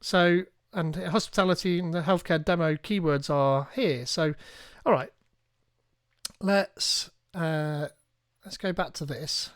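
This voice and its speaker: A man's voice: a little high, slow pace, no room sound, studio quality. Chatty man walking through a tutorial. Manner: chatty, thinking aloud, reading instructions. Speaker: tech streamer. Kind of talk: live tutorial walkthrough.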